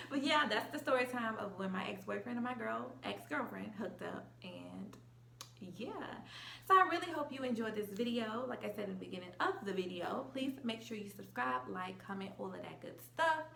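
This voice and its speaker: A young adult woman telling a storytime vlog in a casual, slangy and animated way. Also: medium pitch, normal speed, gravelly, echoey room, slight background noise. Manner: animated, slangy, acts out quotes. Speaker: vlogger.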